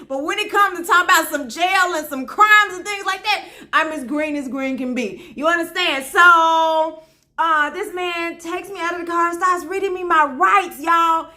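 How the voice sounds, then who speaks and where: A woman from Memphis, telling a funny personal story to her viewers in an animated, folksy way. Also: very high-pitched, normal speed. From Memphis, Tennessee. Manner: animated, talks straight to viewers with folksy asides. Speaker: storyteller host.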